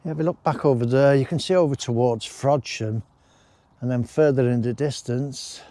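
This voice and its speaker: Man, mellow voice, dry close sound, casual rambling walk-and-talk. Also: medium pitch, normal speed, dry recording. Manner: chatty, rambling, with friendly asides. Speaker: walking vlogger. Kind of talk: casual walking commentary. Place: outdoors in a wooded country park.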